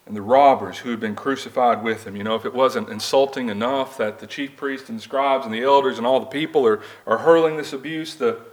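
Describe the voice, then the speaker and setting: A man with a mid-range voice preaches a little fast, with few pauses, in a church building. Earnest and conversational, he reads scripture aloud and asks the congregation rhetorical questions.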